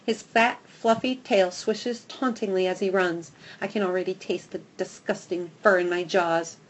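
A woman narrating a children's storybook in the first person, expressive and lively. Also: mid-range voice, normal speed. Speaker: audiobook narrator.

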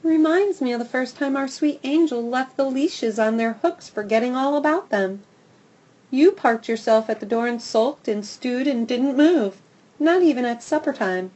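Lady playing a sweet motherly girl dog, soft and kind, a bit high. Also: expressive, moderate pace, highs cut off. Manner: soft, sympathetic.

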